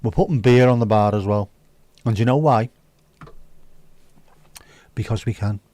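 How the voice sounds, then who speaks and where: A livestream host serving virtual drinks chats casually and cheekily with viewers, swearing freely as he banters. His voice is fairly low and dark in tone, at normal speed, with no echo.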